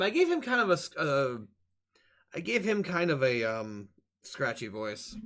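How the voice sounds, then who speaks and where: A man's voice: a little high, big pitch swings, measured pace, a bit bright. A man streaming a game, giving casual, jokey commentary and swearing freely.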